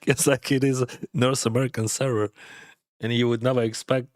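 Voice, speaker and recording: A man's voice: mid-range voice, level tone, fairly quick, dry recording. Man, Russian accent, casual poker-stream chatter, laughs a lot, dry close sound. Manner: laughs often, chatty, loose with grammar. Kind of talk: casual chat while playing online poker.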